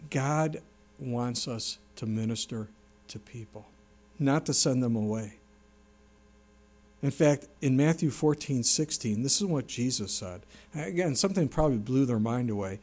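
A middle-aged man preaching a sermon as a pastor, earnest, rising sharply in pitch and loudness when he stresses a point. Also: animated, measured pace.

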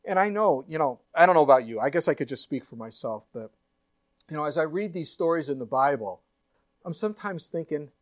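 A man's voice: fairly high pitch, lively intonation, fairly quick. A man, a pastor, preaching a sermon in an earnest way, full of rhetorical questions and acted-out quotes. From United States.

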